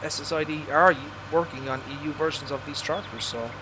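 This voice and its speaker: A male livestreamer from Ireland offers loose, rambling commentary on the farming game he's playing live, swearing at mishaps as they happen. His pitch is fairly high and his delivery brisk, over a noisy background.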